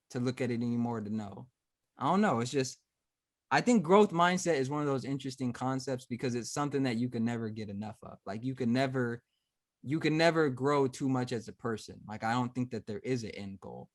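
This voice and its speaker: A man in casual podcast talk, working ideas out as he goes. His voice sits at a middle pitch, and he restarts his sentences often. He gets animated when he acts out an example. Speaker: podcast host. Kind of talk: casual conversation.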